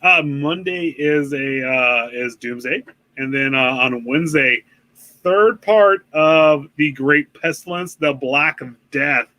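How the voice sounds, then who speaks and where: A man's voice: on the high side, slow, sharp tone, no room sound, poor audio. A man co-hosting a casual live-streamed podcast, rambling with many fillers and swearing often. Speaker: podcast co-host.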